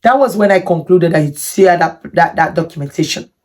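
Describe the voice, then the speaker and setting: Animated, low-voiced woman telling a story. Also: a little fast. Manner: animated, indignant retelling with many repetitions. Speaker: vlogger. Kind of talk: storytime vlog.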